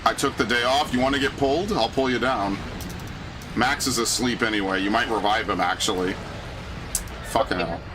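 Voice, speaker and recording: A man streaming a video game, chatting casually and ranting with lots of swearing, his pitch jumping up when he gets indignant. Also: moderate pace, noisy background. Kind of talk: casual chat while gaming.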